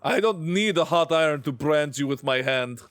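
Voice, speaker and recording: A man playing a stern mock-Russian scold, put-on Russian accent, teasing threats, higher voice, dry close sound. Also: moderate pace, a bit bright, dry recording, close to an everyday voice.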